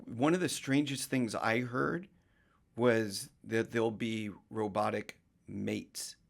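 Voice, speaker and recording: A man's voice: on the low side, steady tone, slow pace, gravelly. A man talking on a casual podcast as a mortgage professional guest, explaining things emphatically in long runs.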